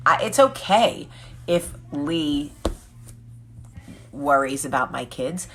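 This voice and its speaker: A woman's voice: sits low, lively intonation, takes it slowly, long pauses, fairly bright tone. A woman in her forties hosting a casual live chat with viewers, joking candidly and answering their comments. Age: 40s. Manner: candid, joking and chatty, reading comments aloud. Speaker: vlog host.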